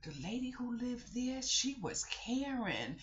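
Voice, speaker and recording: A woman's voice: a little high, very animated, unhurried, muffled recording, voice pushed up. A woman voicing a polite little girl under eleven, sweet and earnest, in a spoken vlog story. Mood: chatty.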